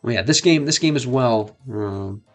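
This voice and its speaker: A medium-pitched man chats casually while streaming a game, with faint music behind him. He's from the United States and learning French, so he speaks haltingly, experimenting with phrases and often repeating himself.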